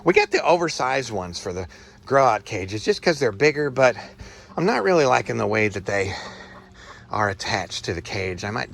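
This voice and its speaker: A man's voice: mid-range voice, gravelly, fairly bright tone. A man giving a rambling, folksy walk-through of his backyard rabbit cages, thinking aloud as he goes. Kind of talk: casual walk-through vlog. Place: outdoor tent beside rabbit cages.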